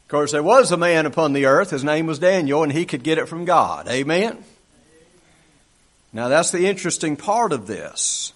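A man's voice: a little high, lively intonation, a little slow, long pauses, fairly bright tone. A man preaching a conversational sermon, acting out scripture dialogue with frequent restarts. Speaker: pastor.

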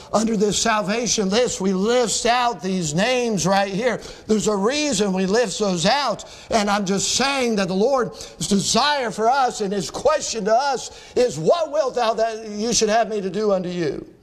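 High-voiced man preaching a sermon. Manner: earnest preaching with emphatic slowdowns and quoted scripture. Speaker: pastor.

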